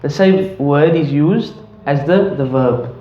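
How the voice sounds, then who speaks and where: In an echoey classroom, a man teaches Arabic grammar, explaining patiently, quizzing his students and chuckling often. His voice is slightly high and slow, and the dull lo-fi audio carries a faint hiss or hum.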